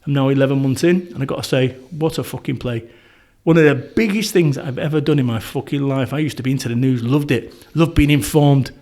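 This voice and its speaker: A middle-aged man with a Northern English accent, a podcast guest telling stories in a blunt, swearing, animated way. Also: mid-range voice, a little fast, few pauses. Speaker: podcast guest, motivational speaker. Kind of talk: casual conversational interview.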